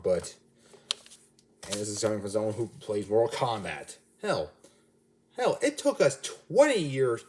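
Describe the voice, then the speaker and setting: Guy rambling thru a casual review, voice jumps around a lot, kinda dark tone. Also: on the low side. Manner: rambling, self-correcting, chatty. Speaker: movie reviewer.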